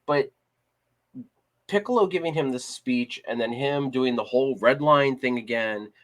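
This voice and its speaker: In an unhurried, medium-pitched voice, a man co-hosting a relaxed discussion podcast chats in a meandering way, restarting often and filling gaps with fillers.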